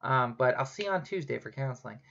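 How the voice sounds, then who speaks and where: A woman voicing a small ancient wise alien master who speaks slowly with inverted phrasing. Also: very deep voice, animated, vocal fry, a bit bright, lo-fi sound, voice pushed down, heavily acted. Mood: smug cryptic. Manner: backwards phrasing, slow and drawn out.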